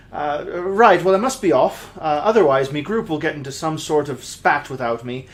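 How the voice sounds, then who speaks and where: A man voicing a huge, gentle, pacifist male firbolg paladin in a put-on rustic folk accent, friendly and bumbling. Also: a little high, normal speed, natural voice. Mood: rambling. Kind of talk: in-character introduction.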